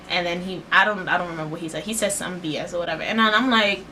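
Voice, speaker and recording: Young woman vlogging a storytime, lots of slang, pitch jumping all over when she quotes people, bright sound. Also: fast talker, few pauses, slight background noise. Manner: animated, acts out quotes with big pitch jumps. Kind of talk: casual storytime.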